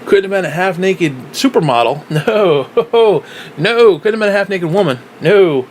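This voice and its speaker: A man's voice: sits high, animated, normal speed, a little hiss or hum, rough recording. Rambling, profane man vlogging. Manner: rambling, profane, full of fillers and restarts. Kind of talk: rambling casual monologue.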